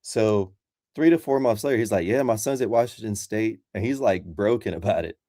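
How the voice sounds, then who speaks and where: A man's voice: fairly low pitch, brisk, mellow, no echo, clean studio sound. A man calling in as a Christian, talking in a casual, rambling way full of fillers. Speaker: Christian caller. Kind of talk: casual debate chat.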